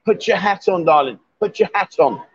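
A man's voice: high voice, moderate pace, breathy edge, lo-fi sound. Chatty man hosting a live stream. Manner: chatty, jokey, reads viewer comments aloud. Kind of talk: casual live chat. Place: busy bar.

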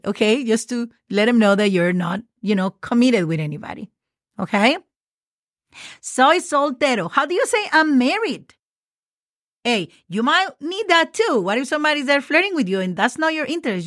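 A woman's voice: sits high, fairly bright tone, dry recording, clean studio sound. A woman teaching Spanish on a podcast in a chatty, casual way, spelling words out letter by letter with friendly asides. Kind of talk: casual podcast language lesson.

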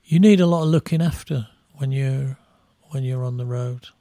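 Middle-aged English musician, gravelly, dry close sound, rambling raconteur. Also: male voice, medium pitch, normal speed, warm tone, dry recording. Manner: rambling storyteller with restarts, laughing at his own stories. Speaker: band musician guest. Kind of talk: casual anecdotal chat.

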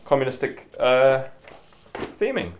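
A man's voice: medium pitch, sing-song, takes it slowly. A man co-hosting a casual podcast, chatting enthusiastically with lots of filler words. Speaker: podcast co-host. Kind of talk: casual chat.

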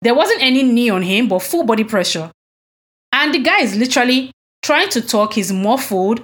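A woman's voice: a little high, animated, normal speed. A woman co-hosting a podcast, recounting events in an indignant, emphatic way and asking pointed rhetorical questions. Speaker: podcast co-host. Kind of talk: casual conversational chat.

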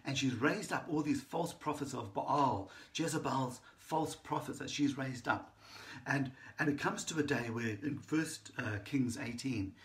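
Enthusiastic preacher. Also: male voice, medium pitch, a little slow, a bit bright. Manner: enthusiastic, storytelling, frequent restarts and "right?". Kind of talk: sermon.

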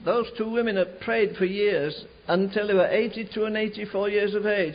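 Older male preacher, high husky voice, fervent storytelling with shouted peaks, lo-fi archive sound. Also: fairly even intonation, moderate pace, hardly any pauses. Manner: fervent, builds to shouting climaxes. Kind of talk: storytelling sermon. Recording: dull lo-fi archive recording.

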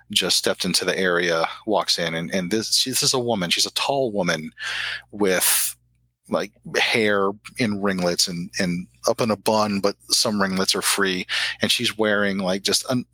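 A man narrating as game master of a tabletop role-playing game, describing scenes in a halting way. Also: sits low, bright, forceful tone, dry recording, low-quality recording.

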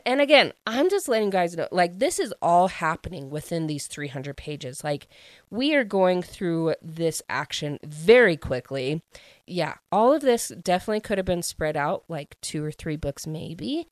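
A woman casually recapping a novel's plot, chatty and animated and full of fillers. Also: fairly low pitch, no room sound. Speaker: book reviewer.

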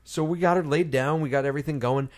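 A man's voice: a little high, fairly even intonation, fast. A man in his thirties telling a story in casual chat as a podcast co-host. He swears freely and squeals when mimicking others.

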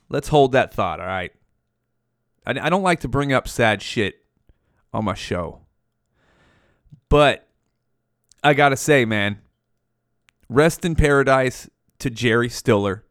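A man's voice: medium pitch, a bit bright, clean tone, no echo, clean studio sound. A man hosting his own show, talking in a rambling, profane, slangy monologue. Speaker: podcast host.

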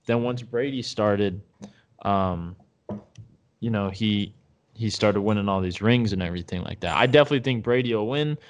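A man's voice: lowish voice, normal speed. A man co-hosting a casual sports podcast. He rambles and hesitates, circling back with fillers and half-finished sentences as he works out his point. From Tampa Bay area, United States. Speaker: podcast co-host.

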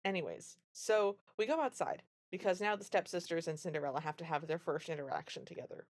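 A woman's voice: on the low side, fast. A woman co-hosting a podcast, recapping a film in casual chat and acting out the characters' lines as she goes. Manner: animated retelling, acts out quoted lines. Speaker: podcast co-host.

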